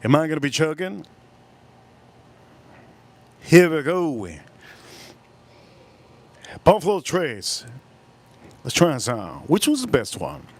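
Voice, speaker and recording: Man, Miami accent, somewhat high voice, loose rambling live-stream host. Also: big pitch swings. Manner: rambling, drawn-out words. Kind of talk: casual live-stream chat. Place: cold room at home.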